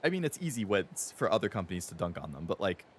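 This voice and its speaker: A young man in his twenties rants on his game stream, heated and profane, and mocks companies in sarcastic voices. His pitch swoops and jumps all over as he gets worked up. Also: big pitch swings, fast talker, breathy edge. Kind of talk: ranting live-stream chat.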